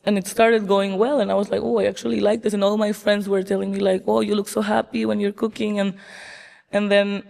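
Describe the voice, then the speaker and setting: A woman from Peru, a chef guest in an interview, telling stories in a lively way and laughing often. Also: medium pitch, fairly quick, creaky, in a large hall. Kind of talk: casual interview storytelling.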